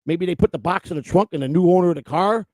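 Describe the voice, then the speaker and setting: A man's voice: high voice, fast, a little mellow, no room sound. A man hosting a livestream show, telling a rambling personal story in a casual, profane way. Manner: rambling, profane, laughs at his own story.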